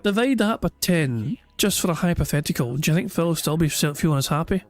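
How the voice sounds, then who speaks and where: A man's voice: fairly high pitch, expressive, fast, soft background music. A man streaming commentary over a clip, mocking it in a sarcastic and profane way.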